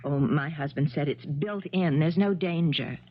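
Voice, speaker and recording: An actress playing a calm, clever woman with a low, musical voice, steady and gently amused, in a 1970s radio drama. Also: normal speed, slight background noise, natural voice. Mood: amused, teasing. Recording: dull 1970s radio broadcast.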